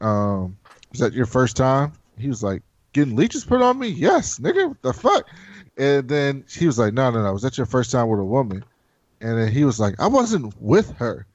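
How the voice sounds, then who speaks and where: A man hosting a casual chat, recapping a show in a profane, animated way and acting out the characters' lines. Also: mid-range voice, no room sound, highs cut off. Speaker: podcast host.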